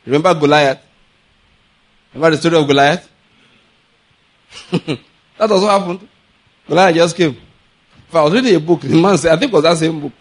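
A man with a Nigerian accent preaching a sermon, telling animated stories, laughing often and acting out the people he quotes. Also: fairly high pitch, fairly quick, long pauses. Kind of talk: sermon with storytelling.

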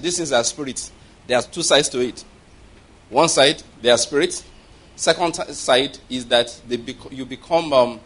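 Male pastor, husky tone, lively sermon delivery with frequent call-and-response checks. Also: mid-range voice. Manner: animated preaching with call-and-response checks and acted-out voices.

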